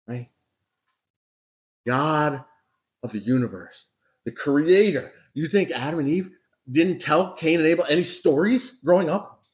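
A male pastor delivering a sermon in a conversational, direct way. He keeps asking his listeners questions and checks in with them often. He repeats key words for emphasis, at a mid-range pitch. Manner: conversational preaching, frequent rhetorical questions and "right?"; emphatic repetition.

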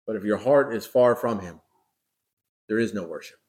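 A man's voice: lowish voice, normal speed, a little mellow. A man preaching a sermon as a pastor, talking conversationally, asking rhetorical questions and repeating words for emphasis. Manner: emphatic repetition.

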